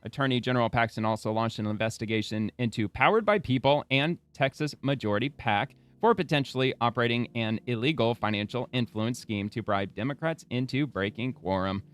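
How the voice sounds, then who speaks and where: A man's voice: mid-range voice, brisk, few pauses, a bit bright, clean tone. Blunt, profane male political commentator. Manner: blunt, profane, rambling asides. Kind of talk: casual political commentary, reading news aloud.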